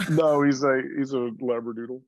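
A man's voice: medium pitch, steady tone, normal speed, no echo. A man at home playing a tabletop game, chatting in a laid-back way. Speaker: player. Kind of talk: casual tabletop game chat. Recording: dull lo-fi mic.

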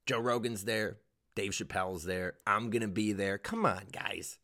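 A young male comedian ranting in a casual vlog, swearing often and jumping to loud, high peaks. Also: moderate pace, creaky. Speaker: stand-up comedian.

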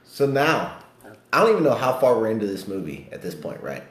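A man casually discussing a movie, animated and profane, swinging between loud outbursts and low muttering. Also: fairly quick, roomy sound.

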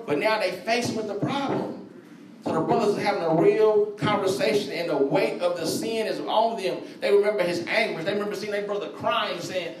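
A man's voice: sits high, brisk, a crowd in the background. A man preaching a sermon in slangy, conversational speech, talking straight to his congregation. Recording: echoey room, voice from far off.

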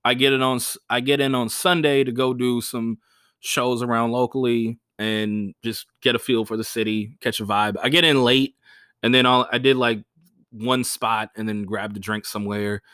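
A young adult man, a stand-up comedian, telling gig stories on a podcast in a casual, animated way, swearing freely and acting out the people he quotes. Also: normal speed, smooth, no echo, clean studio sound. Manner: animated, swears freely, acts out quoted voices with big pitch jumps.

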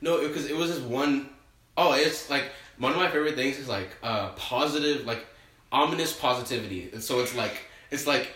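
A man's voice: mid-range voice, fairly quick, fairly bright tone. A young man hosting a casual podcast chat with friends, jokey and often laughing. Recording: echoey room, far from mic, crowd noise.

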